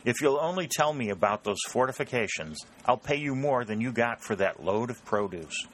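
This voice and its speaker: A man's voice: medium pitch, animated, normal speed, a bit bright, slight background noise, voice pushed up, lightly acted, low-quality recording. A man voicing a shrewd, wheedling army lieutenant in a storybook reading. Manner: wheedling, vexed.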